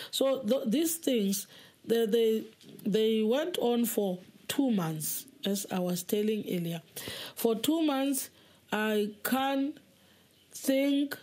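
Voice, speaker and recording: A woman giving a personal testimony in a halting way, repeating words and acting out the dialogue she quotes. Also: medium pitch, warm tone. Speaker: testimony speaker.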